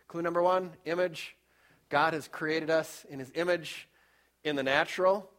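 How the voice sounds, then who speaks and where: A man preaching a sermon, telling a story with fervent, pleading emphasis, swinging between loud, high bursts and quiet, low passages. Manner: storytelling, rises and drops in loudness for emphasis.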